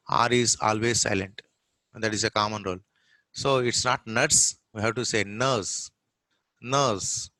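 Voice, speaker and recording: A man's voice: fairly low pitch, sharp tone, dry recording, rough recording. A middle-aged man teaching pronunciation, repeating each word several times and contrasting it with the wrong way to say it. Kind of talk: classroom lesson, drilling words one at a time.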